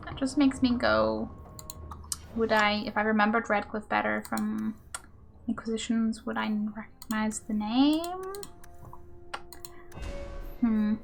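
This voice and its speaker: A woman streamer chats playfully over a game, joking and slipping into whispers. Her voice sits fairly high. Faint game music runs underneath. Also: steady tone, slow, gravelly, pauses often. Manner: playful, jokey, drops into whispered asides. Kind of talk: casual gameplay commentary.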